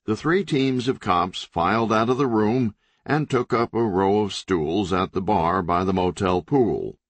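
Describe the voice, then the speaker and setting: Low-voiced guy reading an audiobook, deadpan and steady, super dry sound. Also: unhurried, no echo. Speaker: audiobook narrator. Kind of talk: scripted narration.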